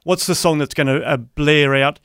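A man's voice: fairly high pitch, steady tone, normal speed, fairly bright tone, clear, resonant tone, no room sound, clean studio sound. Easygoing Australian man radio host. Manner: easygoing, self-deprecating. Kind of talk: breakfast radio chat.

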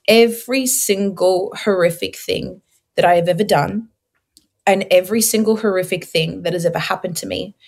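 A young woman from Australia, a guest sharing her faith story in an earnest, expressive way, with many fillers. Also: medium pitch, creaky. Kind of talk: testimony interview.

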